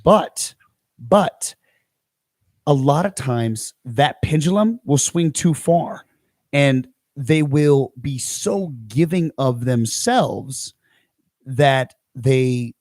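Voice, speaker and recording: A man's voice: mid-range voice, drawn-out words, a little mellow, no room sound. A man co-hosting a fitness coaching podcast, speaking earnestly in casual chat and stumbling over his words.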